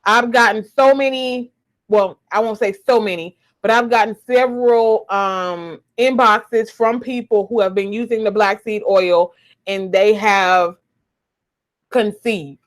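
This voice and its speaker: A woman's voice: mid-range voice, a little slow. A young adult woman, chatting emotionally to viewers on a live stream from home, repeating herself, recorded on a webcam or phone. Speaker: YouTuber. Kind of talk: casual live stream chat.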